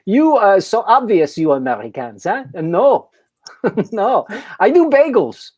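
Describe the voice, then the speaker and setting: A man's voice: high-pitched, sing-song, slow, darkish tone, exaggerated voice. A man playing an easily frightened French baker, with a put-on French accent and a flamboyant manner, dropping French words. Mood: playful. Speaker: improv player.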